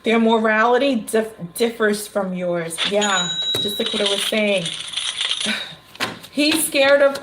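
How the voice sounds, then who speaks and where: A woman reading tarot cards on a casual livestream, chatty and quick to laugh. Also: medium pitch, noisy background. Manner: chatty, laughs often, animated storytelling. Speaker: tarot reader.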